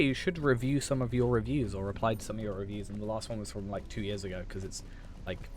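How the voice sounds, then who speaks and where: A young man streaming a game, chatting casually in a rambling way full of fillers and restarts, a bit hoarse. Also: lowish voice, a bit bright, a little hiss or hum. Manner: rambling, filler-heavy, self-correcting. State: hoarse after losing his voice. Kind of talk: casual chat while gaming.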